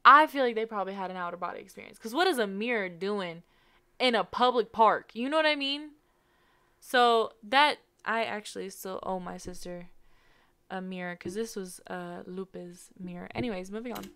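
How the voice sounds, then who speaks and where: A woman's voice: mid-range voice, moderate pace, pushed and bright, clear, resonant tone. A young woman in her twenties chatting effusively about making her music video, laughing often. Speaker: singer reacting to her own music video. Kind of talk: casual chat.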